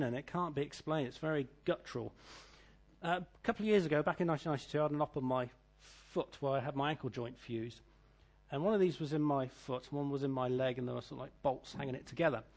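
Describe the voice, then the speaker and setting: A middle-aged British man preaching a sermon, reading scripture and telling stories, swinging between loud declaiming and quiet asides. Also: on the high side. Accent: British English. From Britain.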